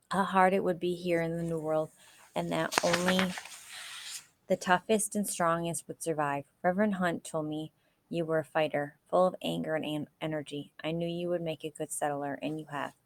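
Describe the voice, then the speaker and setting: A woman voicing a badly wounded male army captain, weak and solemn, with a slow, grave delivery in a storybook reading. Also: low voice, steady tone.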